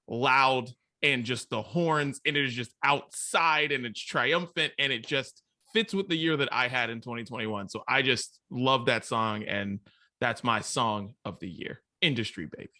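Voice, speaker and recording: Bright-voiced ranting man. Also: medium pitch, no room sound, clean studio sound. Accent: Pittsburgh. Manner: animated, ranting, laughs often. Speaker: podcast co-host. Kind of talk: casual chat.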